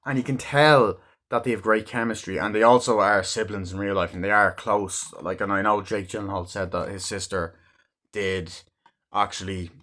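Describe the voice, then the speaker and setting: Low-voiced man for a loose, sweary film review that wanders from scene to scene with plenty of fillers. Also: bright, forceful tone. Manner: rambling and heavily profane; loosely retells scenes with frequent "like" and "um". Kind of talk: casual movie review.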